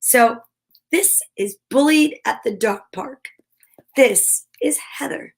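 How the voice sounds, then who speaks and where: A woman's voice: a little high, takes it slowly, breathy edge. A woman hosting a children's story time, reading picture books aloud with playful, chatty asides and animal sound imitations.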